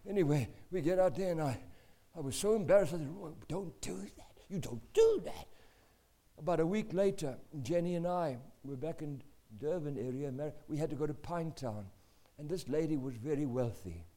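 An older man with a South African accent, telling a family story in a lively, animated way with asides. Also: a little high, brisk, few pauses. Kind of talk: personal anecdote.

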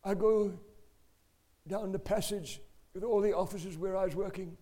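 A man's voice: high voice, steady tone, normal speed, mellow. A male preacher telling a personal testimony in an emphatic, dramatic storytelling style. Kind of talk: sermon testimony.

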